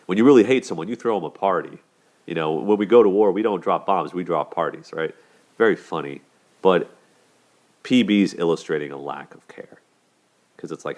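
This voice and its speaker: Very deep-voiced man breaking down relationships. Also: a little fast. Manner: conversational, acts out quotes in higher voices. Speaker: host of a relationship commentary show. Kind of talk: casual commentary on a cartoon.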